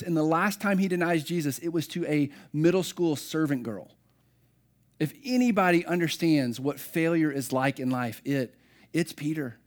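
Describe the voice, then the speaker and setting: A middle-aged man preaching a sermon, telling personal stories in a conversational, self-deprecating way. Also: a little high. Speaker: pastor.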